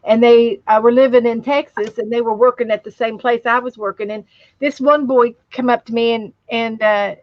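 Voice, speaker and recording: A woman with a West Virginia accent hosting a casual livestream chat, telling stories slowly with many restarts. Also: on the high side, steady tone, no room sound, lo-fi sound. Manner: slow, rambling storytelling with many restarts. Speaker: livestream host.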